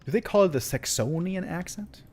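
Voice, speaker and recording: A man's voice: sits high, normal speed, slight background noise. A man from Germany casting a live strategy game stream, chatting with viewers in playful banter. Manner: playful, animated banter with sudden loud outbursts. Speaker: esports caster.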